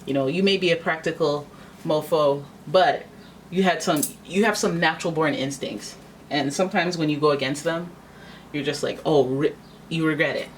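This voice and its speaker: A woman's voice: low voice, moderate pace, slight background noise. A woman giving a casual tarot reading, chatty and dramatic, slipping into playful acted-out voices. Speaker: tarot reader.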